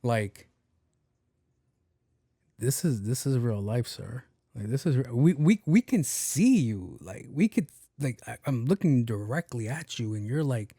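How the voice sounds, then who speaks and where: A man's voice: mid-range voice, animated, normal speed, darkish tone, no room sound, clean studio sound. A young man hosting a podcast, telling a story casually in a blunt, exasperated way with plenty of swearing. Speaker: podcast host.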